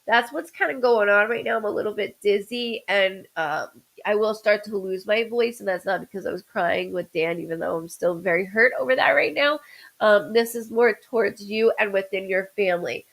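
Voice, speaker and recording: A woman's voice: medium pitch, normal speed, creaky, fairly bright tone, poor audio. A woman doing a live-streamed psychic reading as a medium, rambling with stammered restarts and greeting viewers by name.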